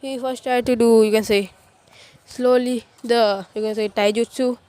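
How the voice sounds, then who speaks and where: A woman's voice: on the high side, fairly even intonation, moderate pace, mellow, smooth, dry recording. Rambling woman retelling a fan story. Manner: rambling, constant filler phrases and restarts.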